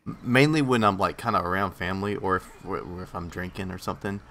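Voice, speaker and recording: Low, bright-voiced hesitant podcast co-host. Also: male voice, slight background noise. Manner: halting, hesitant, laughs at himself. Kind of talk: casual chat.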